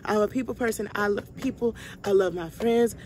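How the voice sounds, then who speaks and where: With a brisk pace and a darkish, medium-pitched voice, a young woman vlogger leads a Bible study and preaches casually to viewers she calls y'all. She repeats lines for emphasis and speaks heartfelt and emphatically. There's a little hiss or hum.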